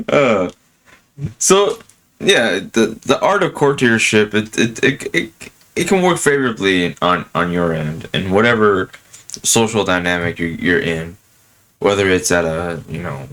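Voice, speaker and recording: A man casually chatting and telling stories, laughing often and filling pauses with um and you know. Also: sits low, a bit bright. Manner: drops fillers like um and you know. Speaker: podcast host. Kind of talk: casual chat.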